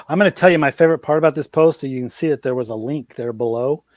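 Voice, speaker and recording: A man hosting a podcast, chatting in a quick, amused way. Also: medium pitch, darkish tone, dry recording. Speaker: host. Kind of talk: casual podcast chat.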